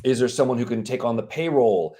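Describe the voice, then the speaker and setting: A man, a company head, explaining as a guest on a live stream, briskly acting out quoted exchanges. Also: medium pitch, warm tone. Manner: brisk, acts out quoted dialogue.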